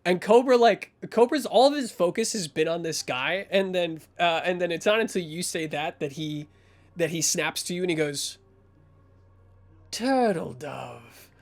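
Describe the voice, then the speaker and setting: A man's voice: high voice, normal speed. A man narrating a tabletop role-playing game as its game master. He rambles through the scene, full of fillers and restarts.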